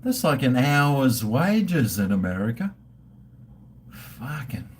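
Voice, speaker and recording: An Australian man in his fifties drawls through a casual live stream at a slow pace. He jokes crudely and swears freely as he toasts his viewers. Faint background noise sits behind his voice. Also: mid-range voice, big pitch swings. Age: 50s. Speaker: livestream host.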